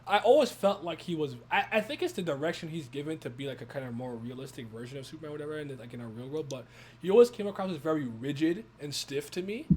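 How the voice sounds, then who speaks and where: A young man hosting a casual movie review chat, animated and swearing, often laughing. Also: on the high side, fast, noisy background. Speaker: podcast host.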